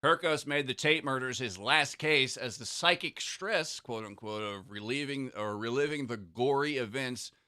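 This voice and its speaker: A man's voice: mid-range voice, moderate pace, hardly any pauses, bright, forceful tone. Sarcastic man reading podcast notes. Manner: reads notes with sarcastic asides, clears throat. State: scratchy voice. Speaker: podcast co-host reading research. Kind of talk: casual podcast chat, reading notes aloud.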